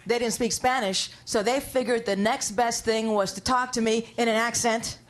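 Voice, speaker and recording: On a comedy stage before an audience, a New York woman with a fairly high, steady voice delivers a stand-up set at a moderate pace over a noisy background. Her delivery is wry and conversational, with each bit building toward a punchline.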